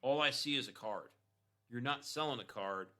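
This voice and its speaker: An e-commerce store consultant, a man with a mid-range voice, talks casually at normal speed while reviewing an online store. His delivery is pushed and bright, peppered with "right?" and "you know," and he hits his points with punchy emphasis.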